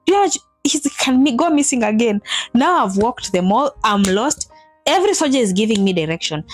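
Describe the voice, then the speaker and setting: Woman in her 30s retelling a scary day to camera, kinda high voice, super animated, dry close sound. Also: normal speed, no room sound, soft background music. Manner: animated, acts out quotes with big pitch jumps. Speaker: vlogger telling a personal story. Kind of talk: emotional storytelling to camera.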